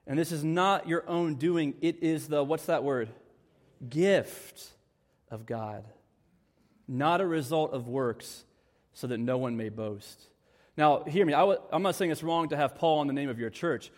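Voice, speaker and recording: A man preaching a sermon with a slightly high voice, earnest and heartfelt. He dips into hushed, slow phrases for emphasis. The sound carries a long reverb from a large hall. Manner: earnest, dropping to soft hushed tones for emphasis. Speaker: pastor.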